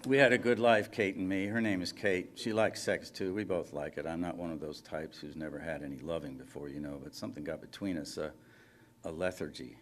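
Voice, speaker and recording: Guy reading a lonely confessional caller, rambles and stumbles, low deep voice, live reading. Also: steady tone, lightly acted. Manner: rambling, apologetic, halting. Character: lonely middle-aged man confessing on phone.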